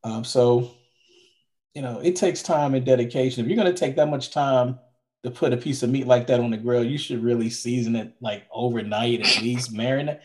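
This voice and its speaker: A man's voice: mid-range voice, steady tone, normal speed, a little mellow. A man co-hosting a podcast in a casual, rambling chat, often repeating himself. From from Maryland, now Florida. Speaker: podcast co-host.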